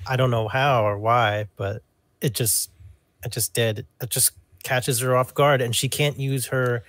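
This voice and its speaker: Podcast dude thinking out loud, unsure, lots of ums, dry sound. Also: male voice, medium pitch, steady tone, a little slow, no room sound. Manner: hesitant, puzzled questions, lots of fillers. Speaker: podcast co-host. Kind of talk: casual chat.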